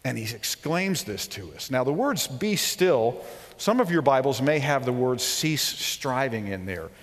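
A man in his forties preaching a sermon as a professor, telling stories animatedly, acting out quoted voices and dropping to a near hush. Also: medium pitch, sing-song, normal speed. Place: large hall. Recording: long hall reverb.

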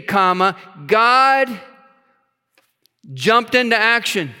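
A man's voice: high voice, measured pace, bright, forceful tone, clean tone. A man preaching a sermon, reading scripture aloud and stopping to stress words with his own asides. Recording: long hall reverb.

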